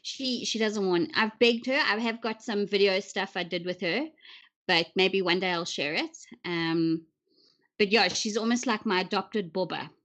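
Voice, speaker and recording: A woman's voice: mid-range voice, fairly bright tone. A woman hosting a casual interview, chatty and full of ums as she moves between questions. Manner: chatty, many ums, quick question-asking. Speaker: interview host.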